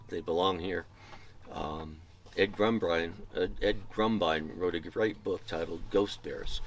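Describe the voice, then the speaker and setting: A man's voice: low-pitched, rough recording. A man, a former fire lookout, telling rambling, digressive stories with wry, self-mocking humor in an oral history interview at a mountain lookout.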